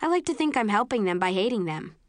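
A woman voicing a blunt, sharp-tongued young woman in an audiobook, speaking wryly. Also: mid-range voice, very animated, fast, dry recording, studio quality, natural voice. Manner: blunt, wry.

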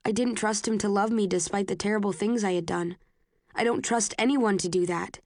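A woman narrates a novel in the first person with an earnest, emotional delivery. Her voice sits at a middle pitch for a woman. The recording is dry and close, with no trace of room. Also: fairly even intonation, fairly quick, darkish tone, dry recording. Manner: earnest and emotional, rising sharply in arguments. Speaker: audiobook narrator.

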